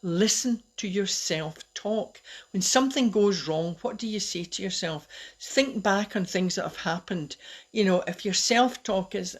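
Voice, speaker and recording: A woman's voice: on the low side, measured pace. A middle-aged woman giving a casual, personal live talk as host, chatty and open, laughing at herself now and then. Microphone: webcam or phone on a live stream.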